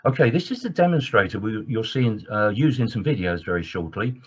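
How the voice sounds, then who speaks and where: A man with a fairly low voice lectures in a webinar as an engineering trainer. He is keen and wanders into side stories, with plenty of ums and uhs. The sound is dull and lo-fi. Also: animated, a little fast, breathy edge. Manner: enthusiastic, digressive, with many fillers.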